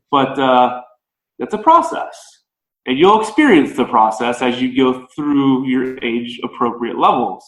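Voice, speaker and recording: A man with an American accent, a baseball coach, talking through his ideas in a relaxed, conversational way as a podcast guest. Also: medium pitch, unhurried, roomy sound, rough recording. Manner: relaxed, conversational, thinking aloud. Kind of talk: podcast interview.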